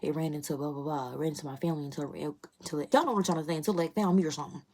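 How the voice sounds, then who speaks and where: Creaky low-voiced woman vlogging her faith. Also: very fast, a little mellow. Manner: earnest, repeats phrases for emphasis; casual, addresses viewers as y'all. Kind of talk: spoken faith declarations and candid chat to camera. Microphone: phone camera, selfie-style.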